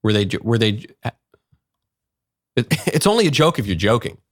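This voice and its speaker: A man's voice: mid-range voice, big pitch swings, moderate pace, no room sound, clean studio sound. A man delivering sarcastic political commentary, firing off rhetorical questions. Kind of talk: opinion commentary.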